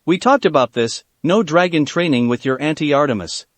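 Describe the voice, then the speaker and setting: A man's voice: fairly high pitch, expressive, brisk, no echo, close to an everyday voice. A man reading as a stern yet loving goddess mother. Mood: gentle.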